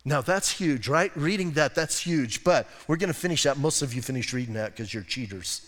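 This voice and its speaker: A male pastor preaching a sermon in a church, humorous and conversational, swinging between soft asides and emphatic points. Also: medium pitch, animated, fairly quick, big-room sound.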